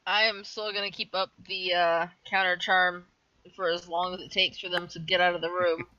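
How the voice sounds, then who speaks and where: A woman's voice: fairly low pitch, little pitch movement, moderate pace, sharp tone, no echo, lo-fi sound. A woman playing a tabletop game, stating her character's actions plainly and decisively. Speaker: player. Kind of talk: casual tabletop play.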